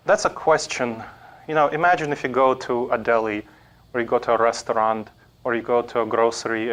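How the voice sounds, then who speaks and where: A man's voice: mid-range voice, fairly bright tone. A man giving a conversational talk on decision making, often laughing as he explains.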